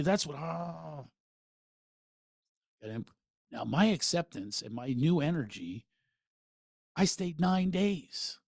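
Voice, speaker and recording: A middle-aged man hosting a podcast, telling a personal story in an animated way and acting out what others said. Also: fairly high pitch, slow pace, vocal fry, long pauses, no echo, clean studio sound. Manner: animated, quotes people in lively voices. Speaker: podcast host.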